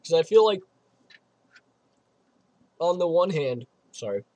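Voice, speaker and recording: A man's voice: a little high, sing-song, slow pace, mellow, no echo. A man streaming a game, reading its text aloud and rambling through playful, giggly asides. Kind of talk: casual let's-play commentary, reading game text aloud. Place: home streaming setup.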